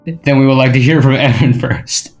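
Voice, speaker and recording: A man's voice: mid-range voice, moderate pace, soft background music. A man co-hosting a casual podcast chat, teasing the others and laughing often. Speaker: podcast co-host.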